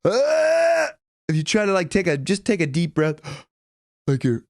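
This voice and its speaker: A man teaching a casual singing lesson, chatting loosely and breaking into high sung examples and bits of vocal fry. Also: normal speed, dry recording, clean studio sound. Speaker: vocal coach.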